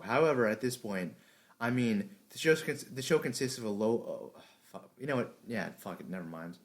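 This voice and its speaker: A man recording an anime review, shouting lines with energy between low, mumbled, profane asides and retakes. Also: lively intonation, moderate pace. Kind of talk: unscripted commentary recording with retakes.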